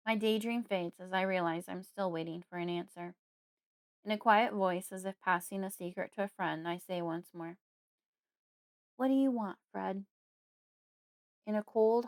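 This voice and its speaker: A woman narrating a first-person horror audiobook in a measured storytelling manner, close to the mic. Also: medium pitch, clean tone, no echo.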